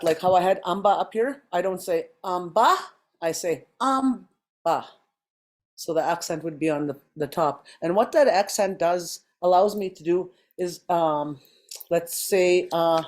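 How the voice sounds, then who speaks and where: A language teacher leads an online class in a woman's voice pitched a touch lower than most, with a darkish tone. She explains slowly and patiently, filling pauses with "um" as she works through each point, and the audio sounds like a video call.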